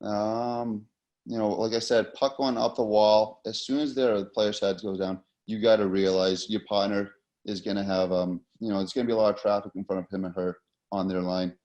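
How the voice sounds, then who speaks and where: A man's voice: lowish voice, flat delivery, moderate pace, a little mellow, muffled recording. A man with an American accent teaching linesman positioning in a loose, casual way, with plenty of fillers and repeated words. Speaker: hockey officiating instructor. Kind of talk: instructional talk.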